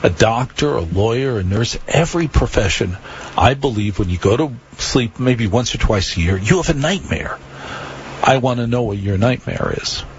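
A man's voice: mid-range voice, animated, moderate pace, dull audio, a little hiss or hum. A man hosting a late-night radio talk show, rambling wryly through a monologue to listeners. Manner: wry, conversational, repeats phone number.

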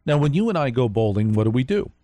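A man's voice: mid-range voice, very animated, fast, mellow, no room sound. A man hosting a live late-night radio show, telling a rambling story and speaking straight to his listeners.

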